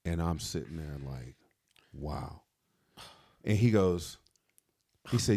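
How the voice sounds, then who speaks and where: Low-voiced man telling a heavy story. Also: expressive, slow, pauses often, warm tone. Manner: emotional, confessional storytelling. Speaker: podcast co-host. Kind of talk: casual storytelling chat.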